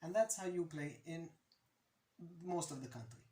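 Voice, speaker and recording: A man's voice: fairly high pitch, animated, normal speed, dark tone, reverberant. A young man from Jerusalem with an Israeli accent, a native Hebrew speaker, giving a casual language lesson in a chatty, anecdotal way. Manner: chatty, anecdotal, laughs at own stories. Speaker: language teacher.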